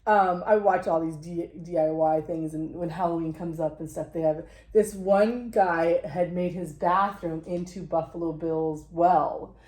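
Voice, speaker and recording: A woman's voice: lowish voice, fairly even intonation, a little slow, few pauses, a little mellow. Chatty woman co-host, echoey room. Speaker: podcast co-host. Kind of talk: casual chat. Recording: roomy echo.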